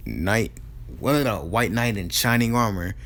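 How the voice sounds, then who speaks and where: A man's voice: on the low side, animated, unhurried, fairly bright tone. A resentful young male ninja hero airs his grievances in a profane, ranting tirade. A man retelling the tale voices him in his own ordinary speaking voice, with no real character voice. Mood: bitter rant.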